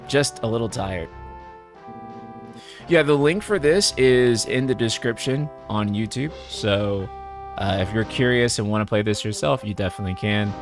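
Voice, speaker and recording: A man streaming a game, chatting casually with relaxed, joking asides to his viewers. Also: on the low side, normal speed, over music.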